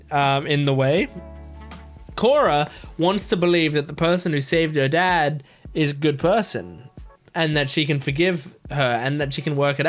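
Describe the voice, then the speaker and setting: Excitable man reacting to a show. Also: fairly high pitch. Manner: rambling, lots of fillers and laughs, excitable. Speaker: reaction video host. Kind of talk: casual reaction commentary.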